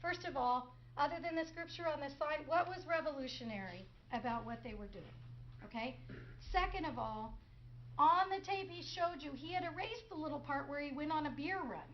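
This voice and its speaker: A woman's voice: high voice, expressive, normal speed, muffled recording, slight background noise. A middle-aged woman prosecutor giving a courtroom closing argument, sarcastic, firing rhetorical questions and mimicking others.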